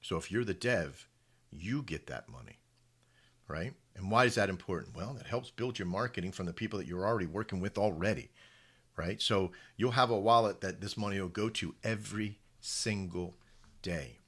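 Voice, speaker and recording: Low voiced guy rambling excitedly to his community, swears, repeats himself a lot. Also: moderate pace, slightly rough. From United States. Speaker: crypto project founder hosting a live audio space. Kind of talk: casual pitch to a live community.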